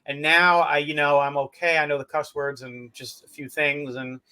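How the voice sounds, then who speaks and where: A man with a fairly high voice tells a self-deprecating story in relaxed podcast chat. He often trails off into quiet asides and keeps a loose, conversational pace. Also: moderate pace, clear, resonant tone. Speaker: podcast co-host. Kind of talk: casual chat.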